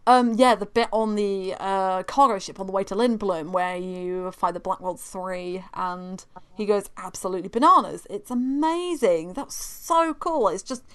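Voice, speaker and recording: A woman's voice: mid-range voice, moderate pace, smooth. A woman co-hosting a podcast, gushing enthusiastically in casual chat. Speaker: podcast co-host.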